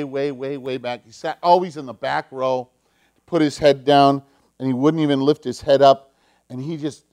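A pastor telling a story to children during a sermon, in an animated, emphatic way. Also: male voice, medium pitch.

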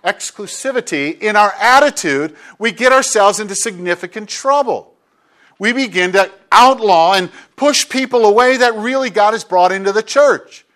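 A man's voice: high voice, expressive, moderate pace, fairly bright tone. A man preaching a sermon as a pastor, talking conversationally and acting out little bits of dialogue.

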